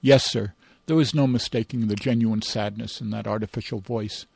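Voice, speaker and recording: A man narrating a comic pun-filled story with a deadpan delivery. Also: fairly low pitch, fairly quick, creaky, slightly rough, no room sound.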